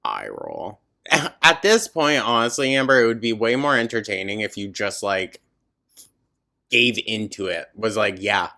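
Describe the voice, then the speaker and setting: A man's voice: mid-range voice, fairly even intonation, normal speed, bright, forceful tone. A man giving scornful, sarcastic commentary over a video clip, swearing freely. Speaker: reaction commentator.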